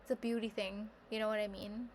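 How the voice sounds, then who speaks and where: A woman talking to camera in a casual vlog monologue, rambling and self-reflective, peppering her speech with "like" and turning animated when she quotes her own thoughts. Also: mid-range voice, brisk, slight background noise. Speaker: vlogger.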